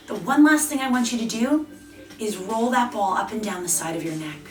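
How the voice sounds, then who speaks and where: A woman leading a guided face and jaw exercise class, giving slow, encouraging cues. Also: medium pitch, fairly bright tone, recorded from a distance. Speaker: fitness instructor. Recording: roomy, off-mic with faint music.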